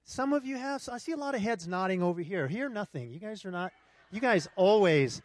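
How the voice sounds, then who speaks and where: High-voiced animated man preaching. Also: fairly quick, no echo. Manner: animated storytelling, talks to the congregation. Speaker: pastor. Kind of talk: sermon with personal story. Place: church hall with congregation.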